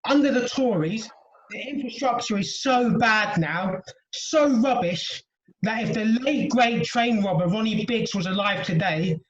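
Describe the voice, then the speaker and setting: A man's voice: high voice, a little slow, a bit bright, echoey room, muffled recording. A man, a comedian, delivering dry political jokes on a video call.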